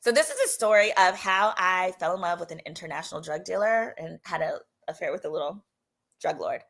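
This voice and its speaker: A woman attorney hosting a casual storytime vlog, with a strong accent and an animated, chatty delivery that slips into voices for dialogue. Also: lowish voice, fairly quick, creaky, soft background music. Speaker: attorney and channel host.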